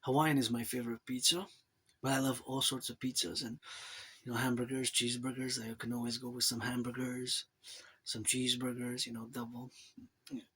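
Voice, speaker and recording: Speaking to camera, this Montreal man with a Quebec accent rambles loosely through a vlog monologue, dropping in asides like "eh?", as a Canadian would. His voice is medium-pitched and level, brisk and a bit bright, with a breathy edge.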